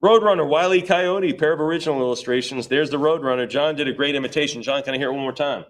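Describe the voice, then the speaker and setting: Joking man calling an auction. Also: fairly high pitch. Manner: rapid repetitive bid chant with joking asides. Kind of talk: live auction bid calling.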